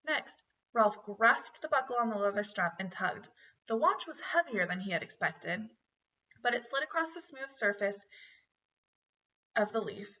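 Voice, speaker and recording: Bright-voiced woman reading a children's book. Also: a little high, animated, measured pace. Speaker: narrator. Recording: dull, distant home recording.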